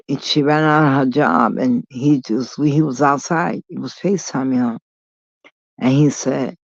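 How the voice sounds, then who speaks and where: A woman's voice: low voice, a little slow, darkish tone, dry recording. A woman vlogger telling a long story in a rambling, digressive way, blunt and full of swearing. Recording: dull lo-fi recording.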